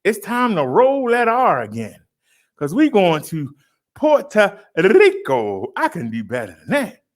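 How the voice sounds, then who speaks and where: Brief: livestream host, male, raised pitch, dramatic announcer delivery, chatty with the audience. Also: wildly swooping pitch. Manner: showy, drawn-out announcing with loud punches; chatty, addresses viewers as y'all. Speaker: livestream host reading daily stats. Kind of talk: casual livestream chat.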